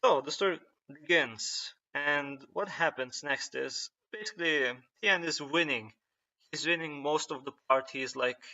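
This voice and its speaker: A young man rambles through a casual story recap, pausing often to find his words. His voice sits a bit high and sounds bright and forceful. The recording is dull and lo-fi. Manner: rambling, hesitant, many "uh" and restarts. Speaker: fan retelling a story.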